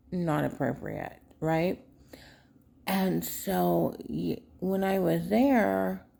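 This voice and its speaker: A woman speaks slowly and casually to her viewers, drifting through a story with lots of ums. Her voice is low-pitched and gravelly. A faint noise sits behind her. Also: mellow. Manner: rambling, unhurried, many fillers. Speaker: vlogger, caregiver daughter.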